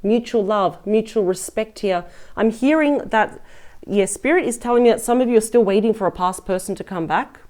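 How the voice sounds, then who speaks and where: A woman's voice: medium pitch, normal speed, darkish tone. A woman giving a casual, effusive and chatty tarot reading as the host of her channel. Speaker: tarot reader.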